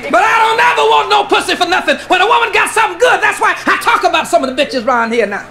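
A male stand-up comedian with a very high, piercing, bright voice. He rattles through a raunchy routine, shouting the punchlines. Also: lively intonation, fast, gravelly, soft background music. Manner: loud, shouting punchlines, profane.

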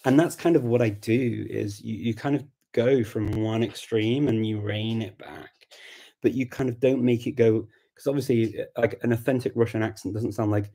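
A man's voice: on the low side, fairly even intonation, moderate pace, husky. A man hosting a casual live chat on language learning, explaining ideas thoughtfully and reading out viewer comments as he answers them. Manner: thoughtful and explanatory, reads out comments and reacts warmly.

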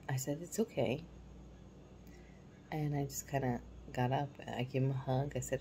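A woman in her forties telling a personal parenting story in a candid, reflective way, sometimes dropping to a soft hush. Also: very deep voice, fairly even intonation, moderate pace, long pauses, a little hiss or hum, low-quality recording. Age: 40s. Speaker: parenting vlogger.

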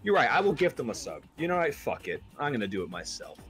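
A man giving excited live stream commentary on a fighting game tournament, exclamatory and quick to laugh. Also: mid-range voice, over music. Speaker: esports commentator.

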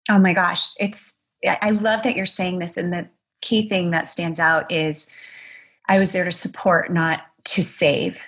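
Animated woman podcast host. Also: on the low side, unhurried. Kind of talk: casual podcast interview.

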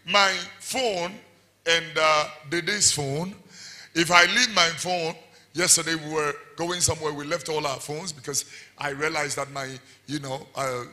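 A man with a Ghanaian accent preaching a sermon as pastor, moving between calm storytelling and sudden shouted lines. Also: fairly high pitch.

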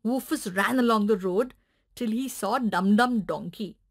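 A woman storyteller reading a children's animal story aloud, gentle and expressive. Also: medium pitch, measured pace.

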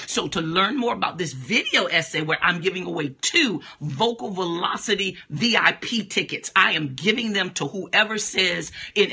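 A middle-aged woman preaching an energetic, emphatic monologue as a speaking coach, repeating phrases and exclaiming. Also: lowish voice, slightly rough.

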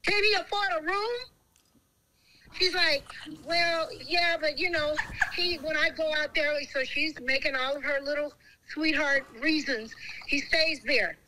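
A middle-aged woman calling in by speakerphone as the guest's mother, telling a story in a blunt, animated way and cursing freely. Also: high-pitched, a little slow, noisy background. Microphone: phone on speaker.

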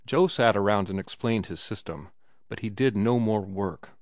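A man narrating an audiobook in a measured, phrase-by-phrase reading. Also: on the low side, no echo, clean studio sound. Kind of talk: scripted narration.

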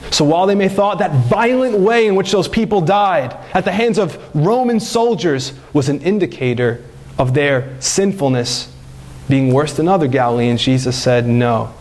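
A pastor delivers a sermon with earnest conviction. His man's voice sits a little high and climbs further as he presses each point home. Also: lively intonation, moderate pace, a little mellow. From United States. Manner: earnest preaching, rising in pitch when pressing a point.

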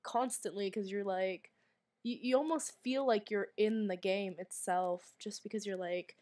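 A woman's voice: mid-range voice, steady tone, normal speed, a little mellow. A woman giving let's play commentary while sick and coughing, jumpy and anxious, swearing often and dropping to whispers in tense moments. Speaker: gamer streamer.

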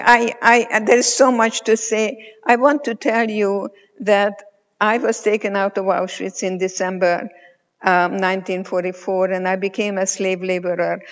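A woman in her eighties, a psychologist, giving a motivational conference talk, telling stories slowly and emphatically with pauses. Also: medium pitch. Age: 80s. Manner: slow, emphatic storytelling with pauses. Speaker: keynote speaker, psychologist. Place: large conference hall. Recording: reverberant hall, muffled sound.

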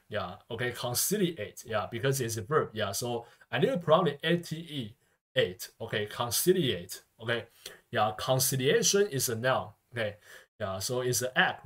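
A man's voice: medium pitch, a bit bright, breathy edge. Man teaching vocabulary with constant okay tags. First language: Mandarin. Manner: peppers speech with constant "okay" and "yeah" tags. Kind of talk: vocabulary lesson lecture.

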